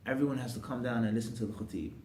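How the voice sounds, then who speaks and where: A man's voice: mid-range voice, racing, mellow, a little hiss or hum. Male preacher, asks the room questions and waits for answers, roomy echo. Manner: call-and-response questions to the congregation. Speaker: imam giving a talk. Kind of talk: sermon.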